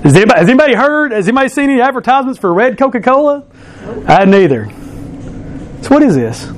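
High-voiced playful man in his thirties preaching. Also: big pitch swings, quick pace. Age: 30s. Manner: playful, teasing, banters with the congregation. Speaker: pastor. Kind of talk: sermon with object lesson. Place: church.

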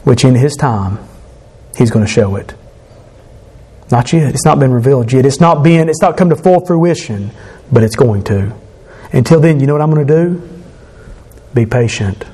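A man preaching a sermon, building rhythmic lists and rising to passionate shouts. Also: medium pitch, lively intonation, normal speed, pauses often, husky. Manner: impassioned, rising to shouts on climaxes.

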